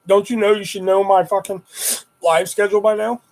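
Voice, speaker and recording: A young man with a high, light voice hosts a casual livestream, chatting to viewers through a desktop mic. He rambles and swears freely, and his voice leaps up whenever he acts out what he said in a story. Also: a little fast, low-quality recording. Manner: animated retelling with high-pitched quoted exclamations. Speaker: livestream host. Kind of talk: casual live-stream chat.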